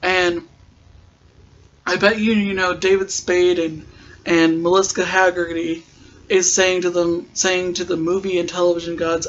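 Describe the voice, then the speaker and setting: A man's voice: on the high side, flat delivery, unhurried, highs cut off, a little hiss or hum. A man hosting a casual podcast, recapping a TV episode in a chatty, joking way with rambling asides.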